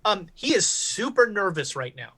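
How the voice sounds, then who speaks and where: A woman narrating as game master of a tabletop game, unhurried and full of fillers. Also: medium pitch, sing-song, fairly bright tone, slightly rough.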